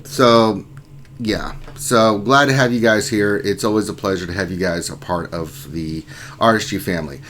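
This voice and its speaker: A man's voice: fairly low pitch, moderate pace, fairly bright tone. Man hosting a laid-back gaming livestream, reads chat handles aloud, faint noise behind. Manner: reads chat names aloud and greets viewers. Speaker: livestream host.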